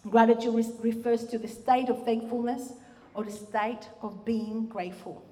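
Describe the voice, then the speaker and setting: A woman's voice: fairly high pitch, moderate pace. A woman pastor giving a conversational sermon with restarts and fillers, recorded in a church hall. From Australia. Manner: warm, conversational preaching with frequent restarts and fillers.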